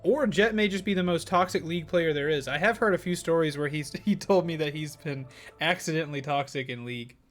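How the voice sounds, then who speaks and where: A man's voice: fairly high pitch, fairly quick, fairly bright tone. A man streaming a game live, chatting casually and upbeat, often thanking viewers. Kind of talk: casual live gaming commentary.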